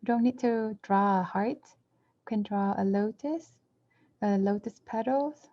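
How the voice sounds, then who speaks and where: A woman interpreting a dharma talk, speaking in measured short phrases and now and then correcting herself mid-word. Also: medium pitch. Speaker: interpreter for a Buddhist teacher. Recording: dull lo-fi recording.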